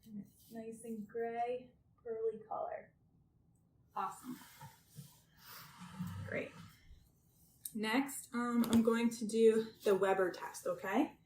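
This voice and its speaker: A woman guiding someone through a clinical health exam step by step, gentle and reassuring, often checking in with "okay?". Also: a little high, fairly even intonation, slow pace, pauses often. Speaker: examiner doing a health assessment. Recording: roomy with faint background noise.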